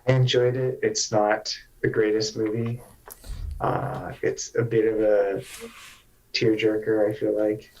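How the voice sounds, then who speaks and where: A man with a fairly low voice talks casually as a podcast co-host. He thinks out loud, circling and trailing off as he works through an idea. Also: level tone, a little slow, muffled recording. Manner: thinks aloud, tentative and rambling. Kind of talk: casual chat.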